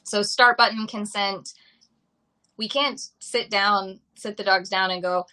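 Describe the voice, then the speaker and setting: Woman, dog trainer, live-stream Q&A, bright voice, patient and repetitive explainer. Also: mid-range voice, steady tone, a little slow, low-quality recording. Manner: explains by repeating simple examples. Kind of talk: live-streamed talk answering viewer questions.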